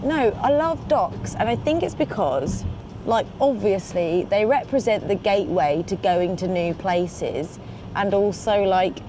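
Chatty woman vlogging from the car, gets all excited, road rumble behind her. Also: a little slow. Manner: chatty, excitable, swears casually. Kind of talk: casual road-trip chat. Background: car and road noise.

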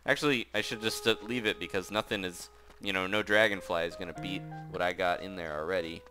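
A man talks his way through a video game in an easygoing, chatty way, reacting quickly to whatever pops up on screen. His voice sits on the low side. Clear game music plays underneath him the whole time. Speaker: let's play host. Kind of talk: casual gameplay commentary. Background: game background music.

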